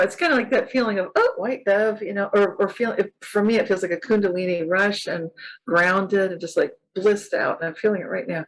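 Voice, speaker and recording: A woman's voice: medium pitch, poor audio. A woman author from California chatting as an interview guest, enthusiastic and spiritual, often laughing. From California, USA. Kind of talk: casual interview chat.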